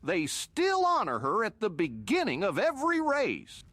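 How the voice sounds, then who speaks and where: A text-to-speech woman's voice reading out a short joke message in a flat synthetic delivery with sing-song pitch jumps. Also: normal speed, dry recording.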